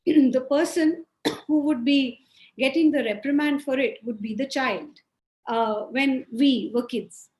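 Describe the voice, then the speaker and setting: A woman from India speaking firmly as a panelist in an online discussion, often pausing with "uh". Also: high voice, darkish tone. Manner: firm, with frequent hesitations. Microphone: video call. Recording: echoey room.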